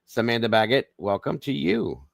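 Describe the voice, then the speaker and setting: A man's voice: mid-range voice, very animated, moderate pace, vocal fry, no room sound, clean studio sound. A man with a Southern American accent hosting a livestream, greeting viewers one by one in a folksy, friendly way. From Southern United States. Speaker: livestream host.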